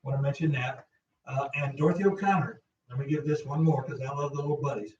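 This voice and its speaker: A man's voice: medium pitch, fairly even intonation, fast talker, recorded from a distance, slight background noise. A man co-hosting a radio show, chatting casually and giving folksy announcements. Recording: roomy lo-fi sound from off-mic.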